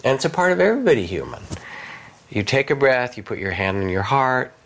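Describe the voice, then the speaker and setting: Older male meditation teacher, gravelly mid-pitched voice, gentle guided talk, soft and unhurried. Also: very animated. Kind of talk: gentle guided reflection in conversation.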